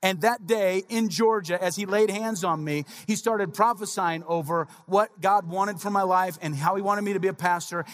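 A man in his forties delivers a sermon as pastor, his voice sitting a little high for a man. He preaches conversationally, weaving personal stories with quick asides to the congregation. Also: a bit bright. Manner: conversational storytelling, frequent "right?" asides.

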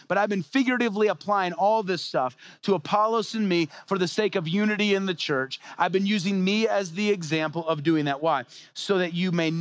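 A man's voice: sits high, a bit bright, no echo. A man preaching a sermon as a pastor, conversational and full of rhetorical questions.

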